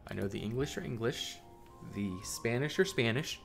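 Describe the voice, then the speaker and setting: A man's voice: medium pitch, animated, moderate pace, gravelly, faint music behind. A man streaming live and chatting casually with viewers, thinking aloud in a rambling way and laughing often.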